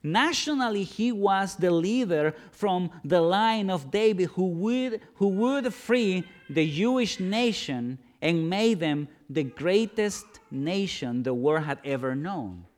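Male preacher, slightly high voice, slow and theatrical sermon delivery. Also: animated. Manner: dramatic, swings from loud questions to hushed low lines.

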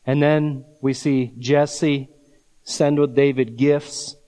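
A man preaching a sermon, slow and emphatic, drawing out key words and breaking into scripture readings with his own asides. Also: medium pitch, flat delivery, dark tone, clear, resonant tone, long reverb tail. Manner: reads scripture aloud with asides. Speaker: pastor.

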